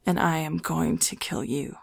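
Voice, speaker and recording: A man's voice: high voice, lively intonation, moderate pace, distant mic, pitched above the performer's own voice. A man putting on a grieving young swordswoman. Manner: quiet, small voice. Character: grieving young woman warrior, fierce and broken.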